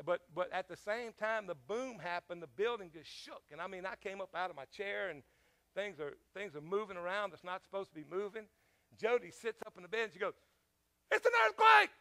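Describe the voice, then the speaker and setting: Gravelly high-voiced male pastor. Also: fairly quick, fairly bright tone. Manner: conversational, asks the congregation questions, many fillers. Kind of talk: sermon with a personal story.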